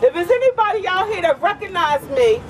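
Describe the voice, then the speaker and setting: A woman with a Philadelphia accent speaks earnestly and directly to a protest crowd. Her very high voice sounds distant from the mic. Crowd chatter and traffic surround her. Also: big pitch swings, brisk. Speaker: bereaved mother. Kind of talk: protest testimony. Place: outdoor street protest. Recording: distant, crowd and street noise.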